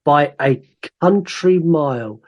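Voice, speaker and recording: Male podcast co-host, slightly high voice, lively and teasing. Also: slow pace, lo-fi sound. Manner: animated, reads listener comments aloud with put-on voices. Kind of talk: casual chat.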